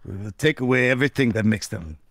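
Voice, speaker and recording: A man voicing a mock Russian villain in a deliberately bad put-on Russian accent, hammy and over the top. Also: on the low side, animated, a bit bright, no room sound. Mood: hammy menacing.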